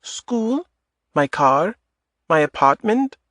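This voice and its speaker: A man voicing a lively, teasing woman in her early thirties with a light Eastern European accent and slightly broken English, in an audiobook. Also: on the high side, takes it slowly, dry recording, clean studio sound, pitched above the performer's own voice, exaggerated voice. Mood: exasperated. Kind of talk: audiobook character voice.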